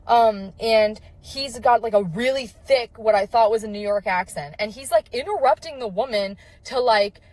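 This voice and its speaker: A young mother tells a long personal story, casual and full of fillers. Her voice sits a bit high for a woman, and she slips into quick impressions of the people she met. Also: darkish tone, dry recording, rough recording. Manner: chatty, lots of fillers, quotes people in voices.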